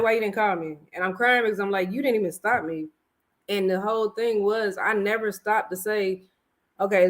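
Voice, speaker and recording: A woman hosting a casual chat about a reality show, talking candidly and telling her own story with slangy, animated detail. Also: mid-range voice. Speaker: podcast host.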